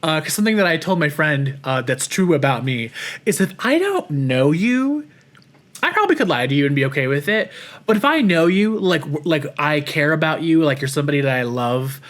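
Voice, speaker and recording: A man's voice: fairly high pitch, sing-song, brisk, a bit bright. Man rambling through a podcast check-in. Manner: reflective, rambling with frequent "like" and restarts. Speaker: podcast host. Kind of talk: personal check-in monologue.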